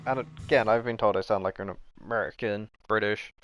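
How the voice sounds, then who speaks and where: A man's voice: on the low side, steady tone, brisk, a bit bright, soft background music. A man from New Zealand on a live game stream, reading lines aloud and chatting to viewers, swearing often and stumbling over words.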